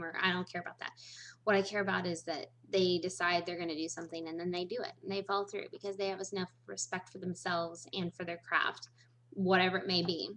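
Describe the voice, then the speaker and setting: A woman's voice: mid-range voice, a bit bright, slight background noise. Bubbly chatty woman vlogger. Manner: bubbly, chatty, laughs often. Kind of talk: casual chat to camera.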